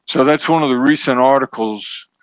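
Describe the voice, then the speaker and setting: A man as an interview guest, explaining negotiation points in a measured, emphatic teaching tone. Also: medium pitch, no room sound. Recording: dull, slightly lo-fi sound.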